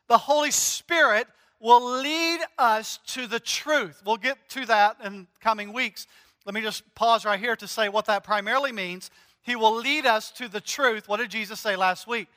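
A male pastor preaches in a chatty, animated way, slowing for emphasis. His voice sits high and bright for a man. A long reverb trails his words through a church hall. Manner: conversational, animated, joking storyteller. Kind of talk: sermon.

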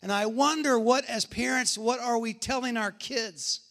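A man's voice: extremely high pitch, moderate pace, fairly bright tone. A middle-aged man, a pastor, preaching a sermon and telling stories with emphatic repetition.

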